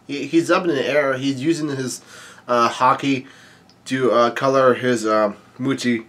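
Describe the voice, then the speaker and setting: A man casually reading a manga aloud and commenting on it, halting often with fillers and restarts. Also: mid-range voice, steady tone, a bit bright.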